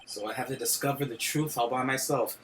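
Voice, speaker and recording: A man's voice: mid-range voice, steady tone, fairly quick, a bit bright, slight background noise, pitched below the performer's own voice, close to an everyday voice, low-quality recording. A man reading the lines of a nervous young male defense lawyer from a game, subdued and earnest.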